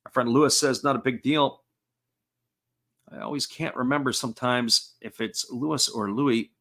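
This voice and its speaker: A man calling a baseball game live, his voice sitting at an everyday middle pitch. He talks in an easygoing, folksy way, describing each pitch and chatting with viewers in between. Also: moderate pace. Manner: steady, folksy play-by-play with asides to chat. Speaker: play-by-play commentator.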